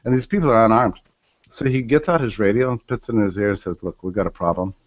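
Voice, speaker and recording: A man's voice: on the low side, quick pace, dry recording, dull audio. A man telling a story as a podcast guest, acting out the voices of the people he quotes. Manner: animated, acts out quoted voices.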